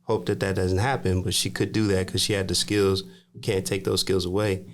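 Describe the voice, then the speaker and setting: A man co-hosting a casual podcast, summing up his guest's points in a measured way with "um" pauses. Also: low voice, level tone, slight background noise. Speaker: podcast co-host.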